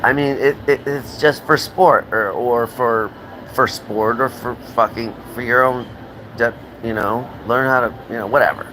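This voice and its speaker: A man's voice: medium pitch, fairly even intonation, a little slow, bright, forceful tone, slight background noise, low-quality recording. Rambling, profane American man ranting live. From United States. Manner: chats with viewers' comments. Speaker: livestream host. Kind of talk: live-stream rant.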